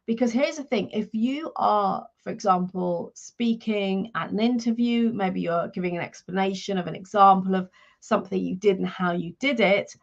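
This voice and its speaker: A woman coach talks through practical advice in an earnest, conversational way, often stumbling and restarting her phrases. Her voice sits in a middle register with a noticeable creak. The live-stream audio sounds dull and lo-fi. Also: medium pitch, normal speed. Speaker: leadership and career coach.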